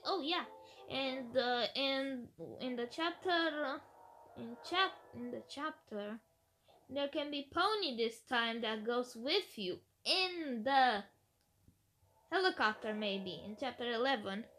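High, bright-voiced woman thinking aloud. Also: lively intonation, slow pace, slight background noise. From Romania. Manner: hesitant, thinking aloud with restarts. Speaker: gaming video creator. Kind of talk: casual game-theory chat.

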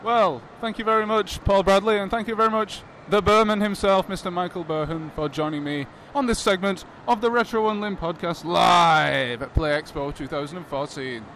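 A man hosting a live podcast, bantering and introducing guests in a brisk, announcer-like way at a convention hall. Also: sits high, fairly bright tone, slight background noise. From Lancashire. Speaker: podcast host.

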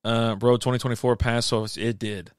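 Middle-aged male host, easygoing rambling chat, smooth close dry sound. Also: mid-range voice, fairly even intonation, normal speed, dry recording. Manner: rambling, laid-back, lots of fillers and restarts. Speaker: livestream beer show host. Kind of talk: casual chat reading live comments.

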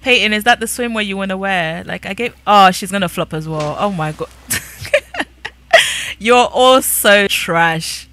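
A woman's voice: medium pitch, big pitch swings, a little slow, pauses often, pushed and bright. A woman giving casual, sassy commentary while playing a life-sim game, chatty and nosy. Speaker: gaming creator.

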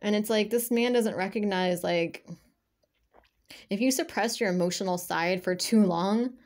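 A woman talking straight to her viewers in a loose, unscripted energy reading, at a mid pitch for a woman. She rambles, restarts her sentences and fills them with fillers. She speaks bluntly and swears freely. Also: a little slow, darkish tone. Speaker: spiritual energy reader. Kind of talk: casual spoken reading to camera.

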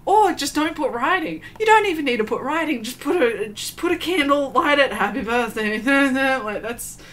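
A woman's voice: high voice, expressive, normal speed, a bit bright. Exasperated sarcastic young-sounding woman. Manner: exasperated, sarcastic, swears freely, laughs often. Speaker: beauty commentary YouTuber. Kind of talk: casual commentary vlog.

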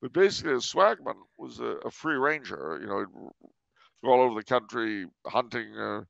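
A man's voice: medium pitch, expressive, a little fast, creaky, fairly bright tone, no room sound. A man hosting a podcast, talking in a wry, digressive storytelling way. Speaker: podcast host. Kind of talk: casual conversational chat. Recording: dry, dull lo-fi sound.

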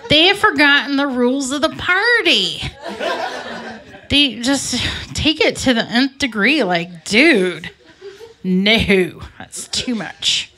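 Brash high-voiced woman doing stand-up. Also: animated, sharp tone. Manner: brash and profane, quick asides. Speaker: stand-up comedian. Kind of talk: stand-up comedy routine. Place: comedy club stage with audience. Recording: live club recording with crowd. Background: audience laughter.

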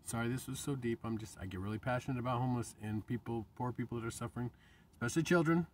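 A man's voice: medium pitch, very fast, recorded from a distance. A middle-aged man in an emotional monologue to camera, impassioned and rambling, swearing and restarting his sentences. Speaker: vlogger.

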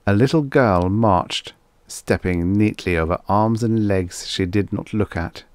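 A man narrating a vintage science fiction audiobook in a measured, expressive storytelling voice. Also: lowish voice, no echo. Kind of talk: scripted narration.

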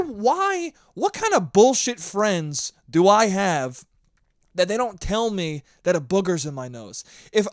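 High-voiced young man ranting profanely. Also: dry recording, clean studio sound. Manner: shouting at times. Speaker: podcast host. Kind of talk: solo podcast monologue. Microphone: handheld mic.

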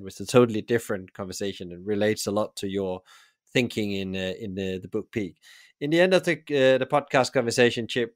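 A man hosts a podcast interview in a lowish voice. He speaks haltingly, restarting phrases and filling gaps with uh. The sound is dry and close. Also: no room sound. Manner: halting, with many restarts and fillers. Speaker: podcast host.

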